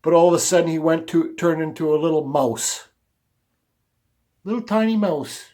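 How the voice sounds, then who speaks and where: A man's voice: on the high side, expressive, normal speed, a little mellow. A middle-aged man, casually talking to camera about his carving and telling a personal story in a rambling, repetitive way. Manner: rambling, conversational, repeats words while telling a story. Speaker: woodcarving vlogger.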